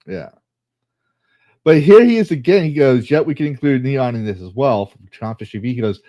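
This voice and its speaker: A male host in a casual online discussion, his pitch swinging widely as he reads posts aloud and picks them apart with blunt swearing. The sound is close and dry on a desk mic. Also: animated, normal speed, dark tone, dry recording.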